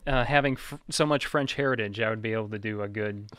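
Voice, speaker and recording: A man's voice: lowish voice, quick pace, a bit bright, clear, resonant tone, dry recording, studio quality. Laughing, rambling male podcast host. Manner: rambling, laughs often while telling stories. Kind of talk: casual podcast chat.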